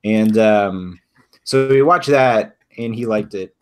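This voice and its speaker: A man's voice: on the low side, takes it slowly, clear, resonant tone. A man co-hosting a podcast in casual chat, hesitant with many ums and frequent chuckles. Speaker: podcast co-host.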